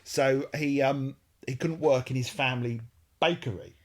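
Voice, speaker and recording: A man's voice: medium pitch, steady tone, moderate pace, a little mellow. Rambling, jokey man co-hosting. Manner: rambling, jokey, self-correcting. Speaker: co-host. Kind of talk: casual chat.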